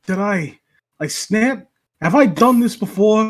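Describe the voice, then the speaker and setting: A tough teenage girl in a creepy story, taunting and cocky, as a man puts her on. The voice sits fairly high. It is read for a group story reading. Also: expressive, unhurried.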